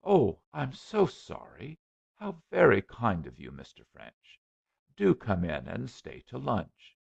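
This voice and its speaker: A man's voice: medium pitch, wildly swooping pitch, slow pace, gravelly, husky, pitched above the performer's own voice, exaggerated voice. A man voicing a fussing, anxious middle-aged mother, on a dull lo-fi recording.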